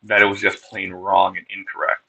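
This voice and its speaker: A man's voice: low-pitched, monotone, moderate pace, gravelly, pushed and bright, breathy edge, highs cut off. A man telling his recovery story on a podcast in a candid, wry way, with plenty of swearing. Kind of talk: casual personal storytelling.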